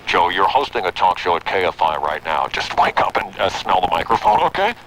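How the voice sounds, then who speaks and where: A deep, dry male voice of reason, put on by a man on a talk radio show, delivering flat put-downs. It swoops low and high within its short lines. Faint hiss sits under it, as if it comes from off-mic. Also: brisk, low-quality recording. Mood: dry scolding.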